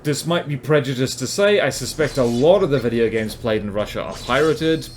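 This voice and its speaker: A man's voice: medium pitch, lively intonation, fairly quick, slight background noise. A man from New Zealand with a New Zealand accent, giving rambling, self-mocking commentary over his gameplay. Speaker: gaming commentator.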